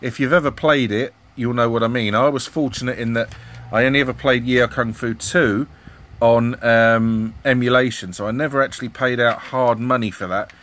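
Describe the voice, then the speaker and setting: A man's voice: mid-range voice, fairly even intonation, moderate pace, fairly bright tone. A middle-aged man chatting casually about old computer magazines, full of ums and questions to viewers. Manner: rambling, hesitant, many ums, asks viewers questions. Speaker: retro gaming YouTuber. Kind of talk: casual commentary flipping through a magazine.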